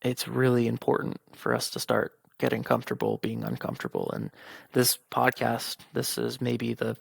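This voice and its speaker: Young man, gravelly fry-heavy voice, dry close sound, candid casual podcast monologue. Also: medium pitch, big pitch swings, normal speed, no echo. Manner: candid and informal, swears, quotes friends. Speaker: podcast host. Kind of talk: personal monologue.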